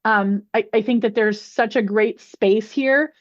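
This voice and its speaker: A woman's voice: on the high side, steady tone, measured pace. A woman speaking as a podcast guest in casual chat, earnest and reflective. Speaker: guest presenter. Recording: muffled lo-fi audio.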